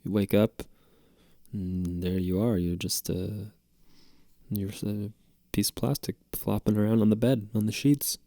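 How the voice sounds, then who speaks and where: A man's voice: on the low side, steady tone, a little slow, mellow, dry recording, studio quality. A man hosting a podcast, telling a rambling, jokey story with plenty of swearing. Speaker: podcast host. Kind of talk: casual storytelling monologue.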